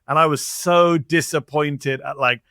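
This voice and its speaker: A man's voice: fairly high pitch, steady tone, unhurried, fairly bright tone, smooth, dry recording, clean studio sound. A man hosting an interview chat, eagerly stacking up references and questions. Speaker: show host.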